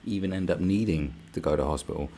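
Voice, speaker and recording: Low and dark in tone, the man talks at a quick pace while hosting a live stream. He rants casually, swears constantly, and throws in sarcastic remarks and mocking impressions of other people.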